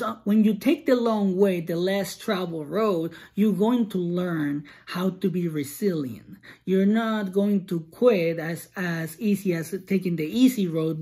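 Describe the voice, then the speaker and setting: A woman's voice: medium pitch, a little mellow, breathy edge. A woman hosting a podcast, talking through an earnest, encouraging monologue in a loose, casual way with frequent restarts. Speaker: podcast host.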